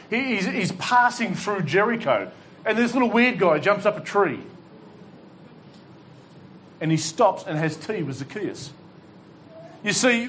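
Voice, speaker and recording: A man's voice: high voice, fairly bright tone, a little hiss or hum. A male pastor preaching a sermon to a congregation, fervent and exhorting, with dry humorous asides. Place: church hall with congregation.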